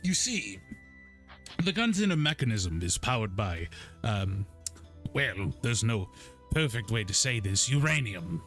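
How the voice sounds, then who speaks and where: A man voicing a calm practical tinkerer. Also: fairly low pitch, measured pace, long pauses, faint music behind, voice pushed down.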